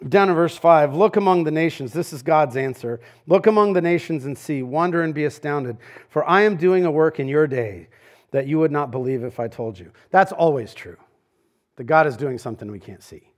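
A man preaching a sermon as pastor, conversational and animated, swinging from loud emphatic lines to hushed ones. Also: fairly high pitch, moderate pace. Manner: conversational, with quoted asides.

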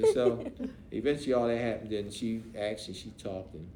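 A man's voice: lowish voice, fairly quick, hardly any pauses. A middle-aged man, a pastor, telling a story from his life in a podcast interview in casual speech and acting out the voices of others. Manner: animated, acts out voices, casual dialect grammar. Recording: roomy echo, faint noise.

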